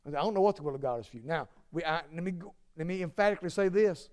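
Emphatic, high-voiced man preaching. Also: lively intonation, rapid-fire. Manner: earnest, emphatic, repeats phrases, swings from loud to hushed. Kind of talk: sermon.

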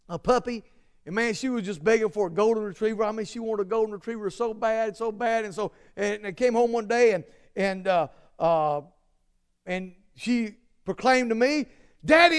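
A man preaching a sermon and telling personal stories, halting with many fillers and restarts, then rising to emphatic peaks. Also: sits high, a little mellow, clear, resonant tone. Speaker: pastor.

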